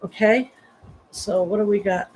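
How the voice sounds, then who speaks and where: A woman's voice: medium pitch, a little slow, a little mellow, a little hiss or hum, rough recording. Chatty, rambling woman medium. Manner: rambling, chatty, many fillers and restarts. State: sleepy, yawning. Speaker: psychic medium. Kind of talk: livestream reading.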